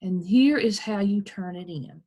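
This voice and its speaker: A woman's voice: medium pitch, measured pace, warm tone, slightly rough. An American woman teacher patiently walking children through a recorded screen tutorial, step by step.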